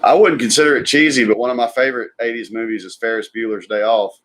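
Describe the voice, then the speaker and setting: A man's voice: medium pitch, steady tone, fast talker, fairly bright tone. A man, co-hosting a live stream and chatting casually about movies while reading viewer comments.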